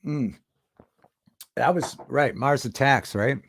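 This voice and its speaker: A man hosting a casual livestream, rambling and halting as he reads chat and greets viewers. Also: mid-range voice, vocal fry, husky. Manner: rambling, halting, with many restarts and chat shout-outs. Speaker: livestream host.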